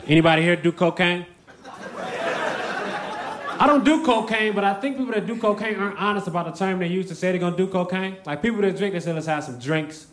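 A man performing a stand-up comedy set with a relaxed, laid-back delivery. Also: high voice, fast. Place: comedy club stage. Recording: noisy live comedy club recording.

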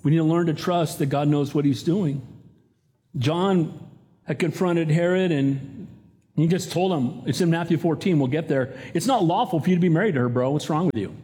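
A man's voice: a little high, mellow. A pastor in his fifties or older preaching a sermon, earnest and emphatic, rising to urgent appeals.

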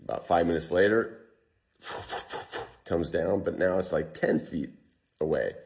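A man telling a long survival story in an interview, retelling what people said in lively bursts. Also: low voice, measured pace. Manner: animated retelling, quotes himself and others.

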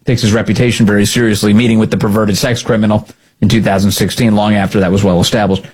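A male host delivering opinionated commentary with a husky, slightly rough voice. He mocks and needles his targets, his delivery dripping with sarcasm. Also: lowish voice, level tone, fast talker, darkish tone, low-quality recording. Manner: mocking, sarcastic.

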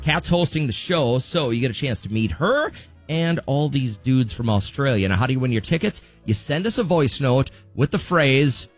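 A male morning radio host with a mid-pitched voice, talking in an upbeat, promotional way. A faint music bed plays under him in the studio. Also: lively intonation, moderate pace.

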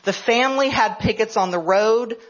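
A woman's voice: a little high, moderate pace, dull audio. A woman history professor giving a conference lecture, telling a story in a conversational way.

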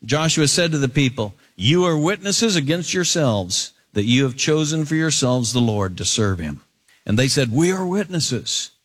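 A man's voice: mid-range voice, sing-song, normal speed. Male preacher, expository sermon, emphatic and earnest. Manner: reads scripture then comments with emphatic rises. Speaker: pastor.

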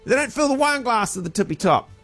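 A man's voice: very high-pitched, lively intonation, fast talker, gravelly, a bit bright, soft background music. A man hosting a radio show, reading out a list with joking sarcasm. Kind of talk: casual radio banter.

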